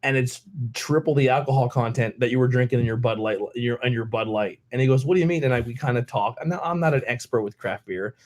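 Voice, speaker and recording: A man from Pennsylvania hosting a beer podcast, telling stories in a relaxed, animated way and acting out the people in them. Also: mid-range voice, fast, few pauses. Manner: animated, quotes people in raised voices, laughs often. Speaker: podcast host. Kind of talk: casual storytelling chat.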